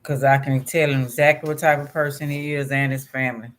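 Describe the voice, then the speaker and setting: A man's voice: medium pitch, flat delivery, fairly quick, a bit bright. A man hosting a vlog, reading astrology text aloud and breaking off into casual, conversational asides. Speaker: vlog host.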